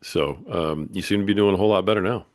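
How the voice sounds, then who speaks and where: A podcast host with a low voice talks fast in a casual interview, encouraging his guest and calling him "brother." The recording is dry with clean studio sound.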